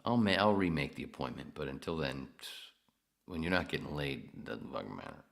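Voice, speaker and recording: A man with a very deep voice and a gravelly edge talks loosely through a solo podcast. His tone is bright and forceful even at that low pitch. He rambles, swears freely and reads out comments from his chat. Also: a little fast. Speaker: podcast host. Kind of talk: casual solo livestream chat.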